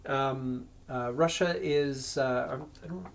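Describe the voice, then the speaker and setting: A man running a board game as game master, explaining rules with many pauses and self-corrections. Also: medium pitch, gravelly.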